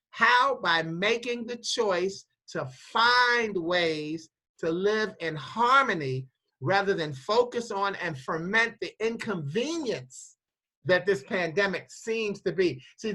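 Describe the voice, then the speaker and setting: A woman hosting a casual inspirational chat who tells animated stories, often repeating her words and laughing while she tells them. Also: medium pitch, low-quality recording. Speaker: host.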